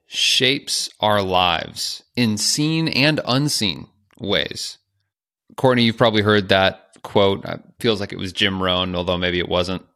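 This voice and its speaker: A man's voice: on the low side, bright, forceful tone. A man co-hosting a productivity podcast, chatting casually with jokey, self-aware asides. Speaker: podcast co-host.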